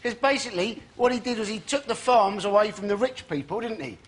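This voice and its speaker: Very high-voiced wry comedian. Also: male voice, animated, fairly quick, a bit bright. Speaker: panelist. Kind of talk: comedy panel show banter.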